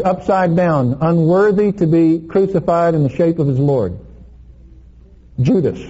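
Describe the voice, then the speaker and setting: A man preaching a sermon, telling a playful story with laughs in an animated way. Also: a little high, highs cut off.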